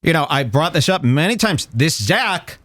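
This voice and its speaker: Animated man hosting a podcast, dry room. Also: a little high, normal speed, no room sound. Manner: animated, swears, mock-exasperated. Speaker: podcast host. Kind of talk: casual chat reacting to clips.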